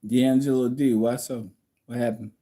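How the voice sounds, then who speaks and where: A man's voice: medium pitch, fairly even intonation, normal speed, warm tone. A man hosting a casual livestream from home, reading viewer comments and answering them bluntly, like a lecture.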